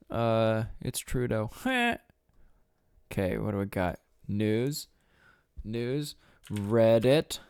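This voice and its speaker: Man, low smooth voice, dry close sound, rambling podcast rant, casual swearing. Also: a little mellow, dry recording. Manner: rambling, swears often, laughs at own jokes. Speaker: podcast host.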